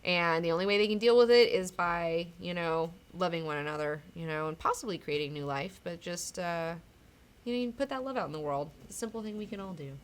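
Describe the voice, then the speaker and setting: Female comic book host, somewhat low voice, rambling casual chat, frank and profane. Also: fairly quick, clean tone. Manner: rambling and candid, swears freely, acts out characters' lines.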